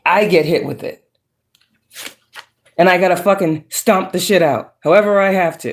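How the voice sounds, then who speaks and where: A woman's voice: fairly low pitch, normal speed, long pauses. Profane, emphatic tarot reader woman. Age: adult with children. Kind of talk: casual monologue.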